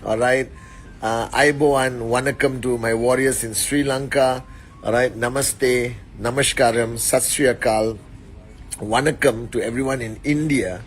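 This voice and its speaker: A man hosting a motivational live stream on his phone indoors, greeting viewers warmly and giving shout-outs. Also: medium pitch, steady tone, a little slow. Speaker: network marketing leader.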